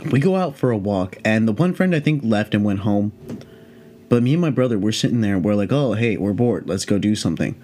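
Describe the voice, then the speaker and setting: A man in his late twenties hosting a podcast, telling a story in a casual, rambling way, profane and animated. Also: lowish voice, a little hiss or hum. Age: late 20s. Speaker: podcast host.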